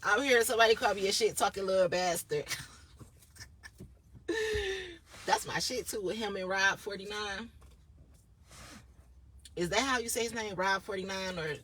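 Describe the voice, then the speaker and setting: A woman's voice: medium pitch, normal speed, long pauses, a bit bright, slight background noise. A young woman talking straight to a phone camera in a casual vlog, blunt, profane and rambling. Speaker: vlogger.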